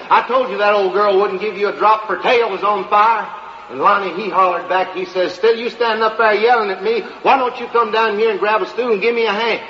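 A man's voice: a little high, a bit bright, a little hiss or hum. A man telling a comic tall tale in a rambling, earnest drawl before an audience. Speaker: comic storyteller. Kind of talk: comic storytelling monologue. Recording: roomy dull live recording.

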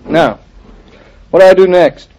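A teasing young husband. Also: male voice, high-pitched, measured pace, noisy background. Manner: joking, teasing banter.

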